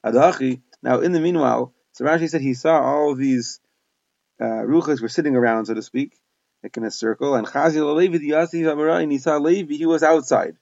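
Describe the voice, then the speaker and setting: Guy teaching talmud, gravelly voice, reads the aramaic then explains it, dry dull recording. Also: fairly high pitch, steady tone, a little fast, a little mellow, no room sound. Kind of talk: Talmud lesson, reading and translating.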